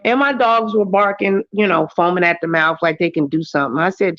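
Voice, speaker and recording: A woman talks to her livestream viewers in loose, casual chat, with animated storytelling. The audio is a bit dull and lo-fi, and the room sounds dry and close. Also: a little fast, few pauses, dry recording. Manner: animated storytelling, jumps into high voices for quotes. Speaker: livestream host.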